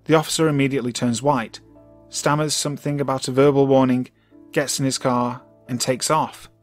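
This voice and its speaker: A man reads a creepy story aloud in a calm, measured voice at a medium pitch. He slows down and drops his voice for tense moments. Faint music plays under his narration. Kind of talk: scripted narration. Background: soft music.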